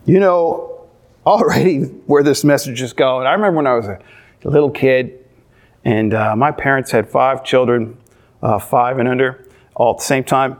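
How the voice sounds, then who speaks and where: A middle-aged man delivers a sermon as a pastor, weaving animated stories and playful asides. His voice sits a little higher than most men's. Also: moderate pace.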